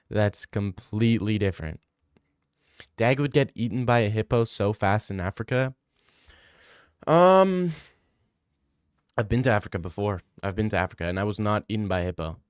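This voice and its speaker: A man's voice: lowish voice, clean tone, no room sound, clean studio sound. A young man from Canada streaming live, reading chat aloud and answering it with sarcastic, laughing banter.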